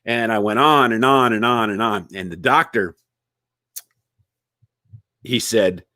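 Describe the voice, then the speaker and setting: A man giving a casual comedic monologue, jokey and animated, repeating words and chatting with his viewers. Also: on the low side, takes it slowly, no room sound, clean studio sound. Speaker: inspirational online comedian.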